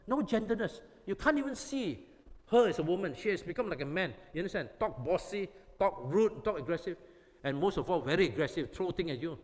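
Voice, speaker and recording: A man's voice: high voice, animated, a little fast. A man from Malaysia, preaching a sermon to youth. He is emphatic and repetitive, often checking with the audience whether they understand. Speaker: pastor. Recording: long reverb of a hall.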